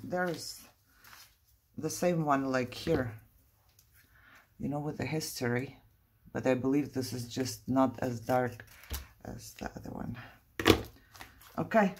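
A woman's voice: extremely low pitch, animated, slow pace, gravelly, long pauses, slight background noise. A middle-aged woman vlogging about her crafts, thinking aloud in a chatty, playfully dramatic way. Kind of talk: casual crafting chat.

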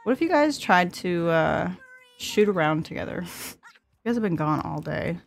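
A woman's voice: on the low side, very animated, measured pace, vocal fry. A woman in her twenties hosting a casual gameplay commentary, chatty and giggly, talking to her characters as she plays. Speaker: let's play host.

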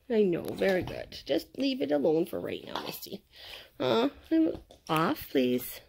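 A woman's voice: medium pitch, sing-song, a little slow, creaky, a little mellow, husky. A woman training a dog at home at night, mixing coaxing praise with firm short commands. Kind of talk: casual talk to a dog at home.

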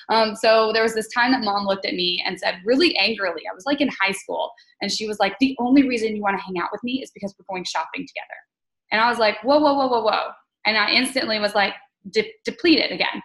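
A woman's voice: medium pitch, fairly bright tone, low-quality recording. A young adult woman leading a team call, telling a candid personal story in a casual, chatty way with many fillers and restarts. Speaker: team leader on a group call.

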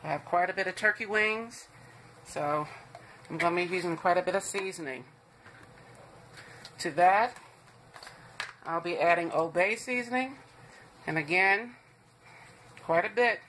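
A woman hosts a home cooking demonstration from her kitchen, chatty and reassuring as she talks straight to her viewers. Her voice sits a little low but comes across bright and forceful. A faint hiss of background noise runs under the recording. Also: unhurried, long pauses. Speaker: cooking show host.

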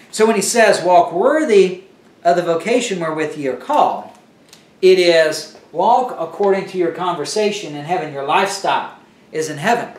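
A man's voice: on the high side, echoey room, distant mic. A man teaching a Bible lesson in a conversational sermon style, often restarting his sentences.

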